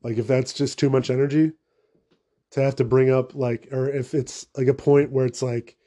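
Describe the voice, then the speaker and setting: A man's voice: mid-range voice, flat delivery, normal speed, mellow. A young man hosting his own podcast in a loose, rambling monologue, swearing freely and making fun of himself as he goes. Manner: rambling and profane, self-mocking asides. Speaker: podcast host. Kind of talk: casual solo podcast monologue.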